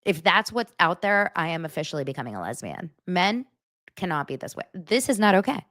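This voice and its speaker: Animated sarcastic woman host. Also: lowish voice, brisk. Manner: sarcastic, animated, swinging between loud bursts and muttered asides. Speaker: pop culture show host. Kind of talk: casual commentary recap.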